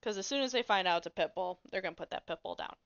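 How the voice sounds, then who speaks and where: A woman's voice: mid-range voice, very fast, gravelly, no echo, muffled recording. A woman co-hosting a podcast, telling a story in casual chat, blunt and swearing freely. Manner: animated storyteller. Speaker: podcast co-host.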